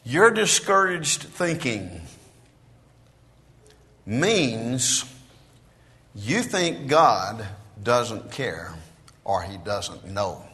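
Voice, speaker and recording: Emphatic preacher in a reverberant hall. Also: male voice, mid-range voice, big pitch swings, drawn-out words, pauses often. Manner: swings from quiet asides to loud emphatic declarations. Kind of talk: sermon. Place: church sanctuary.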